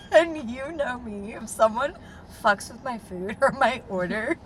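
A young woman with a slightly high voice tells a dating story in a casual, animated way, swearing freely and filling her sentences with "like". A faint hiss of noise sits behind her. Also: slow. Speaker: podcast co-host.

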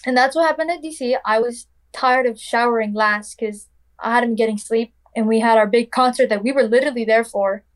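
Young woman, casual storytelling, chatty, fillers like "like" and "literally", voice sits a bit high. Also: brisk. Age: young adult. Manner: acts out quoted dialogue.

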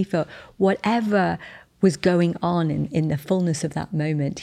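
A woman tells a personal faith story as a podcast host, her voice set low and grainy with fry. She speaks earnestly and from the heart, often restarting her sentences as she gathers her thoughts. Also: dark tone.

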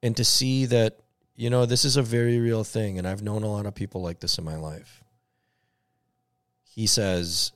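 A man's voice: fairly low pitch, normal speed, a bit bright, no room sound. A man telling an earnest story in a casual podcast chat.

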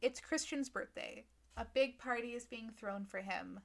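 This podcast co-host has a slightly high, gravelly voice and a measured pace. She chats casually and sarcastically while recapping a book, giggling as she acts out the characters' lines.

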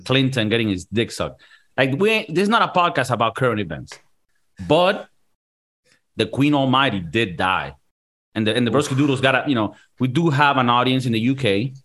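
A man's voice: medium pitch, expressive, a little fast, a bit bright. A man hosting a podcast with friends, talking in loose, crude, jokey banter. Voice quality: loose, profane, jokey delivery. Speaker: podcast host.

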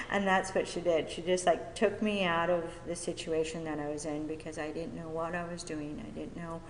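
A woman giving a personal testimony from a podium at a recovery meeting, talking haltingly with many fillers and restarts. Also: sits low, level tone, slight background noise. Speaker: speaker sharing at a recovery meeting. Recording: echoey hall with long reverb.

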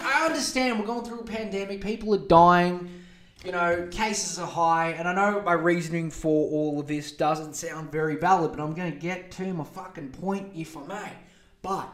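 A man's voice: high-pitched, fairly bright tone. An Australian man hosting a comedy podcast, ranting and rambling with lots of swearing as he hands out mock advice. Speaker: podcast host. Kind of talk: comedic rant. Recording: roomy echo.

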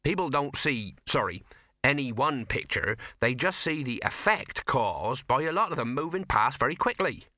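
A man's voice: medium pitch, sing-song, moderate pace, bright, forceful tone, no echo, pitched above the performer's own voice. Male reader voicing a folksy older craftsman explaining his trade, dry close sound.

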